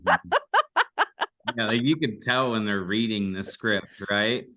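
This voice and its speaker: A man's voice: on the low side, unhurried, bright, forceful tone. A man hosting a sales podcast, talking loosely and self-deprecatingly in casual chat. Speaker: podcast host.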